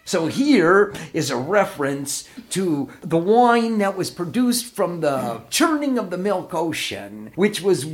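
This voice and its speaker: A man teaching a devotional discourse with a slow, unhurried delivery. His pitch is lively and wide-ranging, rising high for emphasis and dropping low, and his voice sits a little higher than most men's. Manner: storytelling, expressive, unhurried. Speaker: spiritual teacher.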